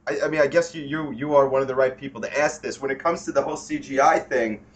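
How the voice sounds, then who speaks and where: A man co-hosting a casual podcast who asks questions haltingly and restarts often. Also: mid-range voice, fairly even intonation, lo-fi sound. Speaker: podcast co-host asking questions.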